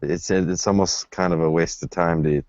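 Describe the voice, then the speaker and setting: A male co-host on a casual talk show, asking blunt, quick questions. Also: sits low, fairly even intonation, darkish tone, no echo. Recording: dry lo-fi stream audio.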